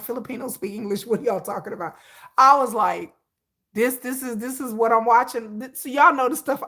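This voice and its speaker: Bright, animated woman chatting on a livestream. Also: medium pitch. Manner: animated, repetitive, talks straight to viewers. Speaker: livestream host. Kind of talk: casual livestream chat.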